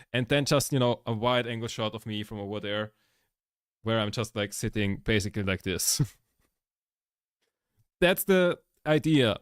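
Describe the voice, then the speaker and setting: Low-voiced man rambling casually. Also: moderate pace, clean tone, no echo, studio quality. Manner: rambling, swears a lot, laughs often. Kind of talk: casual chat while editing. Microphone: laptop microphone.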